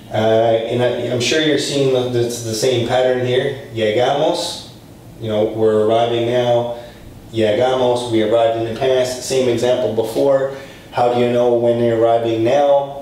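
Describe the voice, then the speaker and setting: Casual man teaching in an echoey room. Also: medium pitch. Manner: chatty and relaxed, with many fillers, restarts and acted example dialogues. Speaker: Spanish teacher. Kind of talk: casual language lesson. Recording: very echoey room, mic set far off, faint noise.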